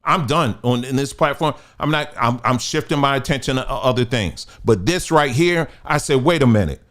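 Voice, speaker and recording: A man's voice: mid-range voice, normal speed, fairly bright tone. A man giving a ranting commentary monologue, firing off rhetorical questions and stumbling over repeated words as he pushes his point. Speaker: online commentator.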